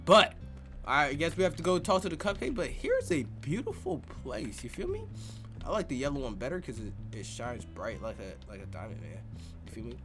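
A man playing a video game and talking through it in an excitable, joking, slang-heavy way. His pitch jumps around a lot and his tone is bright and sharp, with faint music behind him. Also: a little fast. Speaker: gaming youtuber. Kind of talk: let's play commentary.

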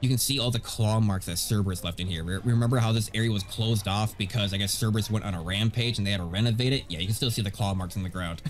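A man giving gameplay commentary as a video host, animated and ranting. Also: lowish voice, quick pace, few pauses, soft background music. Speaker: gaming YouTuber.

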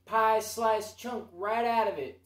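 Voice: medium pitch, slow pace, over loud music. A storyteller spinning an improvised, crude and playful Halloween tale. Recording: roomy, from far off.

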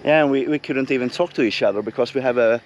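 A man with a hoarse voice chatting casually on a hike, talking in a relaxed way with restarts. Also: mid-range voice, fast talker, dull audio, slight background noise. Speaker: travel vlogger. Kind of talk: casual chat while hiking. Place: outdoors on a hilltop.

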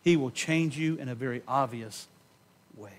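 A man preaching a sermon in a church, giving an impassioned personal testimony that swings from loud emphasis to hushed tones and slows on key words. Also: mid-range voice. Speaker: pastor. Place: church sanctuary.

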